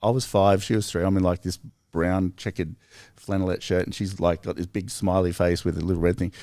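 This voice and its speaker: Australian man, low-pitched, rambling storyteller, casual podcast chat, dry close sound. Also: fairly quick, no echo. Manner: rambling, animated storytelling with lots of fillers.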